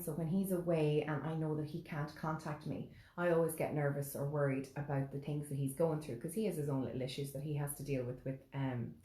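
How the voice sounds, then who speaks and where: A woman in casual chat as co-host, talking in a calm, measured, reflective way. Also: sits low. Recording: echoey room.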